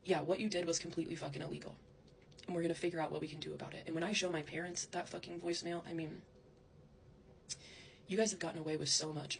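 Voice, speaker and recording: A woman with a somewhat low-pitched voice rants straight into her camera, heated and accusatory, swearing freely as she confronts someone. A faint hiss of noise sits under her voice. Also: little pitch movement, quick pace, vocal fry, pauses often. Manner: heated, profane, accusatory, addresses someone directly. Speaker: vlogger. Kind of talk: angry direct-to-camera rant.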